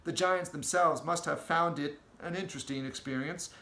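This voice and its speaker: A man reading a children's storybook aloud with an expressive, storytelling delivery, in an echoey room. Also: fairly high pitch, normal speed. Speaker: audiobook reader.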